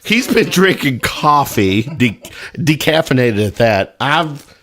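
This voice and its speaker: A man's voice: medium pitch, very animated, slow, a bit bright. A young man with a Kentucky accent, chatting casually as a guest podcast host, rambling and joking with a slight buzz. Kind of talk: casual chat.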